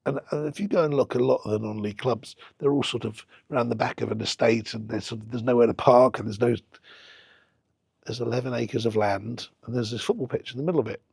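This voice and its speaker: This middle-aged football club owner speaks at a quick pace in a husky mid-range voice with vocal fry, recorded without echo. Casually interviewed, he tells lively stories and acts out the dialogue from the conversations he recalls.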